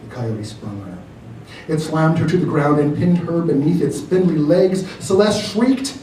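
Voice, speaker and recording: Male author reading aloud, mellow and expressive; roomy library hall with a distant mic. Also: a little high. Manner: measured, expressive storytelling. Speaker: author reading his work. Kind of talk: live reading of fiction. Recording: roomy hall from far off, faint noise.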